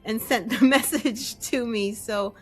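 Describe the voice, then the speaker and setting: A woman's voice: a little high, a little slow. A woman guest in an interview, telling her story casually and acting out her own inner voice. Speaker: guest, essence maker.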